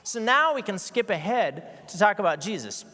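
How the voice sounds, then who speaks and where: Male preacher, conversational and joking, rather high and very animated voice, long hall reverb. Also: moderate pace. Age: adult with school-age kids. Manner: casual, joking, with many fillers and restarts. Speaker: guest preacher. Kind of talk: conversational sermon. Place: church sanctuary with a masked congregation.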